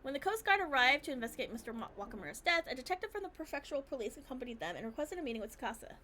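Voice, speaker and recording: High bright-voiced woman reading game narration. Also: sing-song, very fast, slight background noise. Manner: reads with small slips and restarts. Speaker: streamer reading a game aloud.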